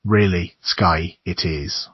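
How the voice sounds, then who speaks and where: A man's voice: low voice, steady tone, takes it slowly, breathy edge, no room sound, lo-fi sound, full character voice. A man voicing a dazed young man who talks dreamily, as if from far away. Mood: dreamy. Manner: dreamy, faraway.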